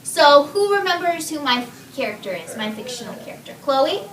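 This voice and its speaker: A woman teacher leading a writing lesson for young children, speaking clearly and patiently and modelling expressive reading. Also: high voice, normal speed. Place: classroom. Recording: echoey classroom, camera far off. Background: children in the room.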